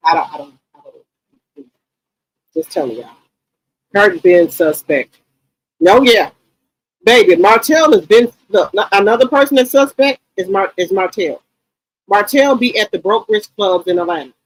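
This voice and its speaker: A woman in her late forties or fifties hosting a gossip channel, talking to her viewers in an animated, outspoken and profane way. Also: medium pitch, moderate pace, pauses often, dry recording, low-quality recording. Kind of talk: casual commentary to viewers.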